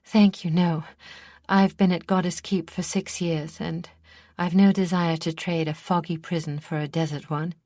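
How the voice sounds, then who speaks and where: A woman's voice: on the low side, steady tone, normal speed, mellow, no echo, clean studio sound, close to an everyday voice. A woman narrator voicing an ambitious young princess who sounds demure but calculating. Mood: scheming.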